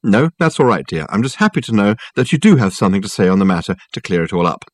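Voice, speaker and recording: A man's voice: fairly low pitch, sing-song, no echo. Brief: male reader doing a poised aristocratic matriarch, sugary yet cutting, dry close sound. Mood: sweetly brisk. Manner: briskly sweet, coolly in control. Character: brisk, sweetly ruthless older aristocratic mother.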